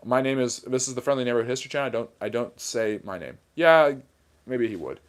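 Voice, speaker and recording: A man's voice: mid-range voice, animated, quick pace. A man hosting a casual livestream, reading viewer comments aloud and answering them in a plainspoken, mildly sarcastic and argumentative way. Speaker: livestream host reading chat.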